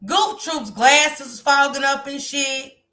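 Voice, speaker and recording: A woman hosting a live stream and talking casually to her viewers about a case, animated and speaking straight to the audience. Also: high voice, slow. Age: grandmother.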